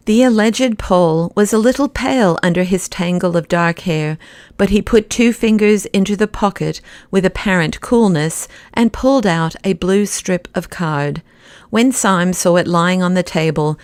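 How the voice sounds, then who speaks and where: Low-voiced woman narrating a classic novel. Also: darkish tone, smooth, no room sound. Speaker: audiobook narrator. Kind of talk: scripted narration.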